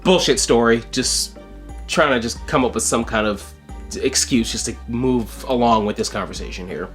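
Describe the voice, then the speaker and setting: A man's voice: normal speed, a bit bright, faint music behind. A young man casually reading out chat logs with sarcastic, mocking asides. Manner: sarcastic, mocking asides with sudden jumps in pitch.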